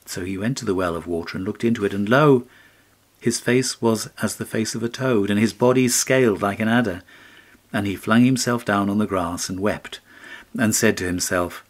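A man narrating a classic fairy tale as an audiobook, in a measured storytelling way. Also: lowish voice.

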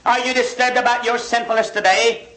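An American man preaches with fervent urgency, driving home his point through pleading, repeated questions. His voice sits very high and rings bright and forceful. The sound comes from an old vinyl record with a roomy echo around him. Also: level tone, brisk. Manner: impassioned, pleading rhetorical questions with repetition. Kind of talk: revival sermon.

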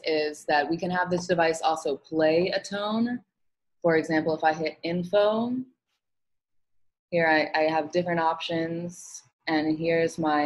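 A woman music teacher giving an online lesson, explaining calmly with frequent "um" fillers. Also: sits low, rough recording. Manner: relaxed explaining with many fillers.

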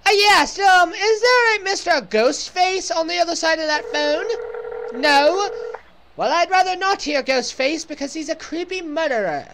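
A woman's voice: very high voice, animated, unhurried, noisy background, exaggerated voice. A woman putting on a British accent to play a theatrically polite caller on a phone, full of sarcastic courtesy. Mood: mock polite. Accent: put-on British. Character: mock-posh British woman phoning a killer.

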